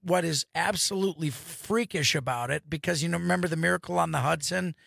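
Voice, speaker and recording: Gravelly, bright-voiced male radio host. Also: a little high, fairly quick, no echo, clean studio sound. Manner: enthusiastic, rambling storyteller. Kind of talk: casual radio chat. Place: radio studio.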